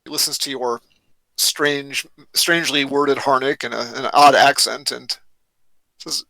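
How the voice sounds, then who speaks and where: A man's voice: medium pitch, fairly even intonation, measured pace, vocal fry, pushed and bright, no room sound, rough recording. A man narrating as game master in a tabletop role-playing game, often hesitant and restarting his sentences. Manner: hesitant, many fillers and restarts.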